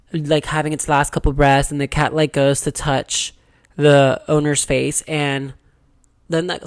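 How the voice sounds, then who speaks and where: Candid, chatty young woman vlogging. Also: low voice. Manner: chatty, candid, swears freely, says "girl" and "okay". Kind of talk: casual diary confession.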